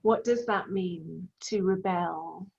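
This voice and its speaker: Woman, English teacher, slow careful delivery, patient explanations, dull lo-fi sound. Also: fairly low pitch, vocal fry, a little mellow. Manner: patient, explains words slowly with examples. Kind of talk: online English lesson.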